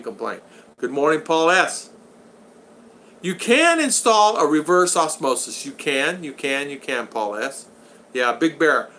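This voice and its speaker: A man's voice: on the high side, fairly bright tone, a little hiss or hum. Chatty older man hosting a live chat. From United States. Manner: chatty, laughs often, greets viewers by name. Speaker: livestream host reading chat.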